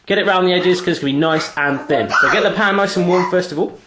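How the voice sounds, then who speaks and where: A man's voice: sits high, fast talker, reverberant, very noisy. A man hosting a casual cooking demonstration in his home kitchen, chatty and teasing as he cooks alongside a child. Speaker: cooking show host.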